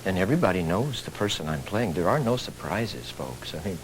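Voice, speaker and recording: A man's voice: low-pitched, very animated, fairly quick, a little hiss or hum, low-quality recording. A middle-aged man from Texas, a stage actor speaking earnestly, with dry humor, as a TV talk show guest. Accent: Texan.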